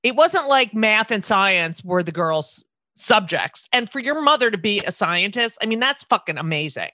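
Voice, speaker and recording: A woman's voice: medium pitch, lively intonation, moderate pace, sharp tone, no echo. A middle-aged woman from New Jersey hosting a podcast interview, rambling and swearing casually, often breaking off mid-sentence. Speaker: podcast host.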